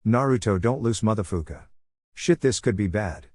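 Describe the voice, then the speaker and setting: A man's voice: fairly low pitch, animated, normal speed, a little mellow, dry recording. A man reading as a rhyming, cursing ninja. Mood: worried. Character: rhyming, foul-mouthed male ninja ally.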